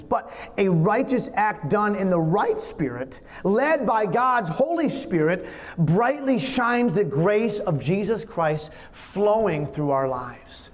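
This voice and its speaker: A man's voice: high voice, animated, unhurried. A man preaching a sermon in an earnest, conversational, storytelling manner. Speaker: pastor. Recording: long reverb of a large hall.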